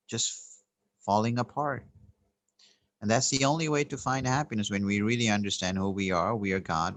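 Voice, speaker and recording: A man giving an earnest, unhurried spiritual talk, telling a story and pausing on fillers and restarts. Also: lowish voice, a bit bright, no echo. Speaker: spiritual teacher. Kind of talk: spoken spiritual teaching with storytelling.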